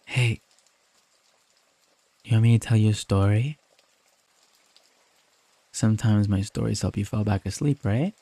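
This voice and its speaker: Soft gravelly man, whispered role-play. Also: on the low side, a little slow, long pauses, no room sound. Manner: soft, tender and comforting, as a caring boyfriend. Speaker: ASMR creator.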